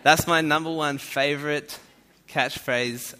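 A man's voice: on the high side, steady tone, measured pace, sharp tone, slight background noise. An Australian man giving a playful, joking talk to an audience in a large hall. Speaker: speaker addressing an audience. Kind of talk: humorous stage talk. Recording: echoey hall.

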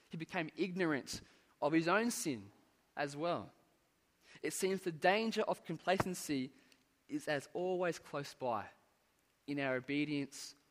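Guy giving a sermon, a bit high-pitched, earnest, long reverb like a big hall. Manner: earnest, measured preaching with rising emphasis and falling endings. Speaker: preacher.

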